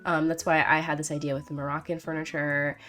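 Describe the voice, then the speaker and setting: Young woman host, low voice, rambly casual game commentary, soft music under her. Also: flat delivery, fast. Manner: chatty, rambling, playful, lots of "like" and "um". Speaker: gaming video host.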